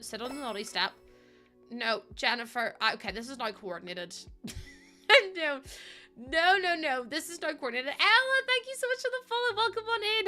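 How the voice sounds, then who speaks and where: A woman's voice: a little high, pushed and bright. A British woman livestreaming, chatting casually with her viewers, laughing often and swearing freely. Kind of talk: casual stream chat.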